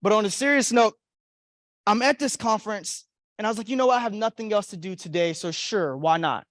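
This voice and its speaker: Animated male keynote storyteller. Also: high voice, a little fast, no echo. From Florida. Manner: animated storyteller, acts out voices, big swings between loud and soft. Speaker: motivational keynote speaker. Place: conference hall.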